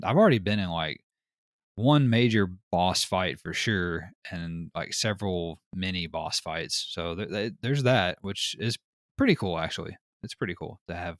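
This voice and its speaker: A man hosting a podcast, telling stories in casual chat with an animated, rambling manner. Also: low voice, no room sound, studio quality. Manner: animated storyteller, frequent fillers. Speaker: podcast host.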